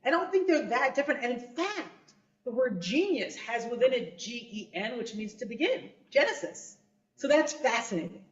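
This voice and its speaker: A woman leading a text study discussion, lively and affirming as she moderates speakers. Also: on the high side, normal speed. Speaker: discussion leader. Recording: echoey, dull room sound.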